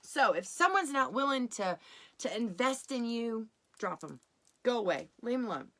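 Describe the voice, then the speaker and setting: Middle-aged woman coach, bright and forward tone, warm chatty encouragement aimed straight at her viewers. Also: a little high, big pitch swings, normal speed. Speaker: keto coach hosting a live workshop. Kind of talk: casual livestream chat.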